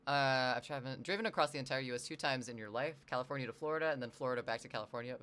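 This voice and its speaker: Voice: mid-range voice, very fast, few pauses, a bit bright, clear, resonant tone. A livestreamer from the US Northwest who chats casually with viewers, reads chat messages aloud, rambles and swears now and then.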